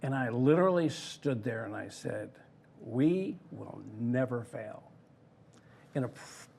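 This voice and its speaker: Older guy, ex theme park designer, chatty storyteller, mid pitch, slight hum behind. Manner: lively storyteller who acts out others' words. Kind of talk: casual anecdotal storytelling.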